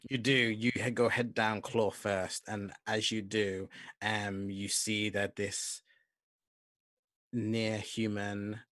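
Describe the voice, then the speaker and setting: A man runs a tabletop game, narrating scenes in a soft, measured way. His voice sits a little low, but it has a bright, forceful edge. The recording is dry, with no room sound. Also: level tone, dry recording. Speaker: game master.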